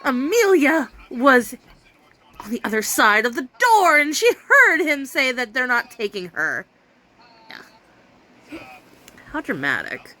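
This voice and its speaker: A woman's voice: high-pitched, wildly swooping pitch, takes it slowly, long pauses, pushed and bright, a little hiss or hum. A woman vlogging at home, chatting casually to camera about a book she dislikes, sarcastic and exasperated, laughing often.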